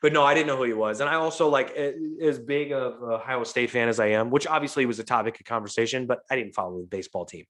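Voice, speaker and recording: A man's voice: mid-range voice, quick pace, hardly any pauses. A man hosting a podcast, telling a long, profane party story in casual chat and acting out what people said. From St. Louis, USA. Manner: animated, profane, acts out quotes. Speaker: podcast host.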